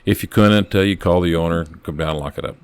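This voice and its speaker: Deep-voiced older man telling cop stories. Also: clear, resonant tone, no room sound. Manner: earnest, halting, restarts mid-sentence. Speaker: retired police officer, podcast guest. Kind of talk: casual storytelling chat.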